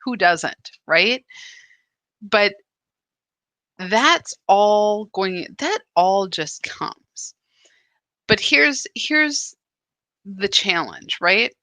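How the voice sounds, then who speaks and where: A woman hosting a live spiritual practice stream, talking in an animated, chatty way with many "right?" asides. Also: mid-range voice, no echo.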